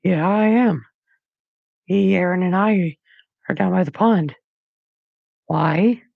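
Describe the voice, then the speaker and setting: A man's voice: takes it slowly, creaky, no room sound, narrow, tinny audio, full character voice. A man doing a frantic, pleading teen boy. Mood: anxious. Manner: high strained pleading voice, breaking into sobs.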